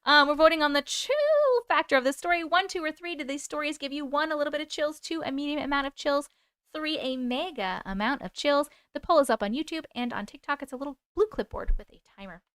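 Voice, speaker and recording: A woman's voice: sits high, quick pace, fairly bright tone, dry recording. A woman hosting a live stream, reading viewer stories aloud and reacting with open emotion to the chat.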